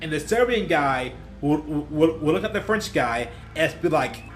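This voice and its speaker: A man's voice: on the high side, expressive, moderate pace. A young man and gaming YouTuber telling stories casually, rambling and laughing at his own tales, with faint music behind him. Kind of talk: casual storytelling while playing.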